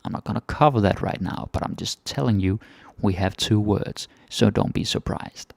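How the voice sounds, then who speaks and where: A man with a Danish accent teaching phrases in a casual lesson, repeating each phrase slowly before explaining it. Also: lowish voice, vocal fry, no room sound. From Denmark. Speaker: language teacher.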